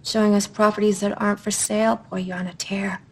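An actress playing a ruthless, fierce businesswoman in a TV drama clip, with a gravelly voice. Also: mid-range voice, flat delivery, fairly quick. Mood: contemptuous. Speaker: television character. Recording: clip played from a TV drama with faint noise.

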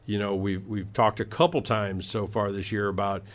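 A man's voice: lowish voice, steady tone, moderate pace. A man hosting a home improvement talk show, giving tips in a casual, rambling way with many fillers and restarts. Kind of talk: casual radio-style talk.

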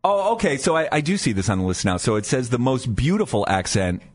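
Lively male morning radio co-host. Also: medium pitch, quick pace. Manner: lively, joking, teasing. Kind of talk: casual radio banter. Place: radio studio. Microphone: studio microphone.

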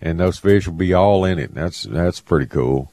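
Deep-voiced easygoing radio host. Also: male voice, moderate pace, dark tone, dry recording. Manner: easygoing, reminiscing. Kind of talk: casual radio chat.

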